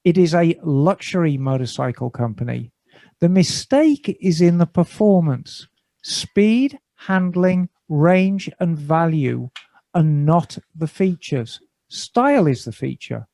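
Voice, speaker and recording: A man with a notably high voice co-hosts a casual podcast, reading a listener's email aloud and breaking off with dry, jokey asides. His voice is close and dry, with no room sound around it. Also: slow, gravelly, dark tone, no room sound. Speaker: podcast co-host. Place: garage studio.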